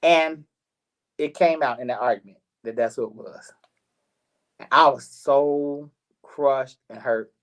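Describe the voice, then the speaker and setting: A middle-aged man hosting a live talk show, telling a personal story in an animated way, repeating words and acting out what others said. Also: medium pitch, slow pace, long pauses. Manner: animated, repeats words, acts out quoted voices. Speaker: host.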